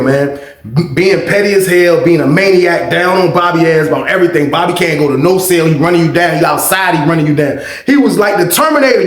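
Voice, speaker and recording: A man telling a story in an animated, slang-heavy, repetitive way, in casual storytime style. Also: a little high, vocal fry, echoey room.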